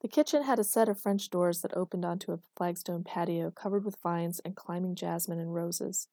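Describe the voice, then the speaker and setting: A woman narrating a story in an even, measured reading voice. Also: on the low side, no echo, clean studio sound. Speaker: audiobook narrator. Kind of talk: scripted narration.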